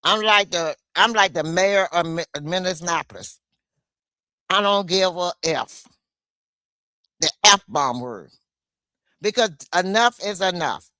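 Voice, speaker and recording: A woman livestreaming an angry political rant, blunt and swearing, with a slow, deliberate delivery. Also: on the low side, pushed and bright, no echo, studio quality.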